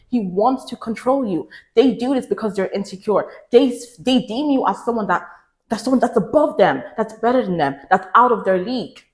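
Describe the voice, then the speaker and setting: A woman's voice: lively intonation, brisk, roomy sound. A woman giving relationship advice to the camera in an emphatic, preachy way, repeating lines for stress. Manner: mimics others in raised pitch. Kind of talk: direct-to-camera advice talk.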